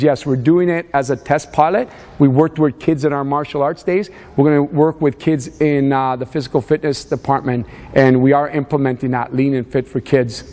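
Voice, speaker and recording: A man's voice: medium pitch, a little mellow. A man leading a motivational fitness seminar, urging a live audience on with lots of energy. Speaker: fitness coach. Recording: reverberant hall.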